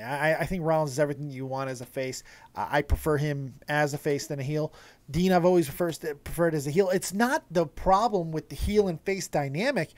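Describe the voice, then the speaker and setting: A man hosting a casual wrestling review show, talking in an animated, profane way with laughing asides and frequent swearing. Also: on the high side, dry recording.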